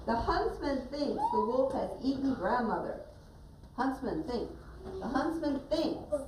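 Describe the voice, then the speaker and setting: Narrating a story as children act it out, this classroom teacher sounds high-pitched and very animated, speaking a little slowly. The sound is distant and echoey, with noise in the room.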